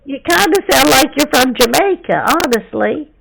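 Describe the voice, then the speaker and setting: In a prank phone call, a woman scam baiter plays a sassy churchgoing woman who bluntly calls out a phone scammer, sounding suspicious and teasing. Her exaggerated voice is high-pitched, expressive, and gravelly at normal speed, over a noisy background.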